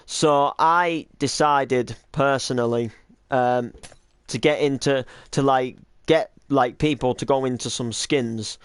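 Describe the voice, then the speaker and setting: A man's voice: medium pitch, clear, resonant tone, dry recording. A man who runs a game roleplay series, chatting casually and rambling with many hesitations and restarts. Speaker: roleplay series creator and cameraman. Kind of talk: casual chat.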